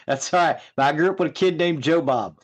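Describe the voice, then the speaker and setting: A man co-hosting a podcast in casual chat, chuckling and chiming in with quick remarks. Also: a little high. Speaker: podcast co-host.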